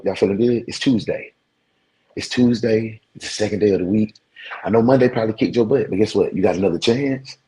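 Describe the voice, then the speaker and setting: A man in his forties, a show host, casually telling stories to his viewers in an animated, slangy way. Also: lowish voice, creaky, breathy edge, rough recording. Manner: animated, slangy, talks straight to his audience.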